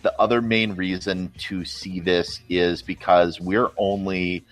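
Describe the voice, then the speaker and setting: Deep-voiced man in casual movie chat. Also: level tone, measured pace, faint music behind. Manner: enthusiastic, rambling with restarts. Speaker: co-host.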